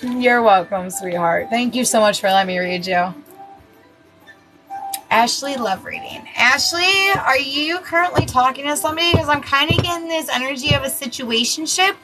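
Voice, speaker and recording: A woman's voice: high voice, normal speed, music in the background, low-quality recording. A woman giving casual live tarot readings, talking bluntly and chattily, swearing freely and laughing at herself. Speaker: tarot reader.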